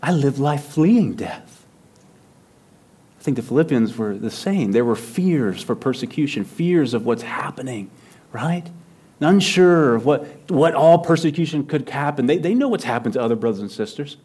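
A male pastor preaching a sermon, swinging from loud emphatic lines to near-whispers and repeating phrases for emphasis. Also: mid-range voice, lively intonation, moderate pace, breathy edge.

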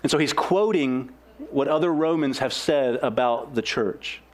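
A young man preaching a sermon in an earnest, animated way, with sudden swings in pitch and pace. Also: unhurried. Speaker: pastor.

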